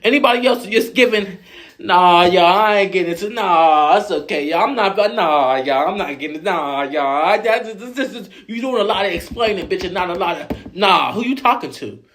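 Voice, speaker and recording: A man putting on a shrill, sassy female housemate who scolds someone in a high, mocking, profane voice. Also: moderate pace, a bit bright. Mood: scolding.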